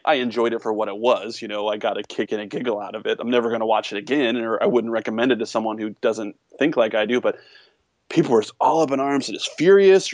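A young man co-hosting a casual podcast, retelling a movie plot with lively, acted-out quotes. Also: medium pitch, no echo. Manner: animated storytelling, acts out quotes in a raised voice. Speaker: podcast co-host.

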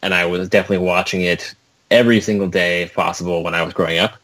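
Deep-voiced man in casual chat. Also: fairly even intonation, fast talker, a bit bright. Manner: rambling, self-mocking, frequent restarts.

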